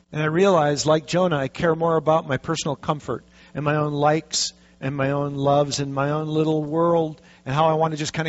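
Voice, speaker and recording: A man preaching a sermon, telling a story with lively, animated delivery and acting out the quotes. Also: on the high side. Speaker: pastor. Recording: dull lo-fi recording.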